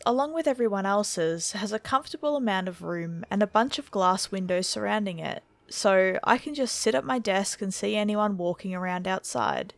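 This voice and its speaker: A woman narrating a horror story from a script in a steady, measured reading voice. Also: medium pitch, vocal fry, no echo.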